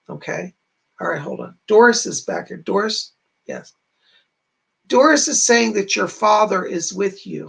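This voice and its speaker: A man's voice: sits high, vocal fry, fairly bright tone, breathy edge. A man hosting a livestream, chatting casually as he reads viewers' messages aloud and gives psychic readings. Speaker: psychic medium host.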